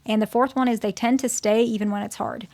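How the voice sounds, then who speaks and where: A woman's voice: fairly high pitch, steady tone, quick pace, darkish tone, no room sound. A woman therapist giving relationship advice in a casual, conversational way, often checking in with "okay?" and "right?". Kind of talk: casual advice talk to her channel's viewers.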